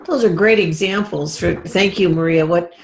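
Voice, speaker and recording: A woman's voice: on the low side, moderate pace, vocal fry, a little hiss or hum. A woman hosting an interview, summing up her guest's points and thanking her. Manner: warm, affirming listener who sums up. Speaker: interview host. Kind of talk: interview conversation.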